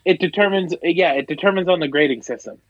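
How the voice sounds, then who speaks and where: Chill podcast dude, kinda high voice, muffled dry lo-fi sound. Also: male voice, quick pace, no echo. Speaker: podcast co-host. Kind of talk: casual chat.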